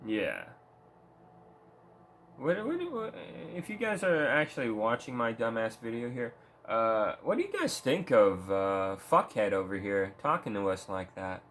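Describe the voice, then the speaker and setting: A man with a fairly low voice rants about video games in a loose, rambling way, swearing constantly and mocking as he goes. It sounds like a casual home vlog with a faint hiss underneath. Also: sing-song, moderate pace, fairly bright tone. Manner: foul-mouthed, rambling, mocking. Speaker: gaming vlogger. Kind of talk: profane casual rant.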